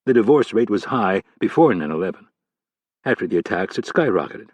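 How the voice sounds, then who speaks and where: A man reading a spy thriller audiobook in a steady, even scripted narration. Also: fairly low pitch, a little fast, dry recording, dull audio.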